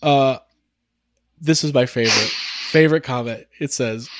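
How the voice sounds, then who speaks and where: A man's voice: mid-range voice, moderate pace, dry recording. A man co-hosting a podcast in casual chat, reading comments aloud mockingly and laughing. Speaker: podcast co-host.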